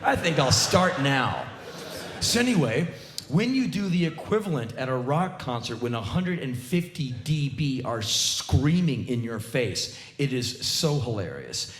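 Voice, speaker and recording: Animated man telling stories on stage. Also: mid-range voice, a little hiss or hum. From United States. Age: 40s. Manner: animated storytelling with sudden loud outbursts. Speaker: spoken word performer. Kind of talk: live spoken word monologue. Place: theater stage before a live audience. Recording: roomy live theater sound.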